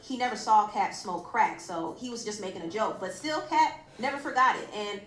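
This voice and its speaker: A woman narrating celebrity gossip news in a brisk voice, played back as a clip. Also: mid-range voice, animated, a bit bright, echoey room.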